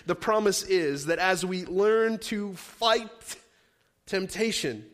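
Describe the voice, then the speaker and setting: A male pastor with a notably high voice delivers a sermon, driving his points home through repeated, rhythmic phrases. His voice rings out with a long reverb in a large church hall. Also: slow, fairly bright tone. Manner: emphatic preaching with repeated building phrases. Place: church sanctuary.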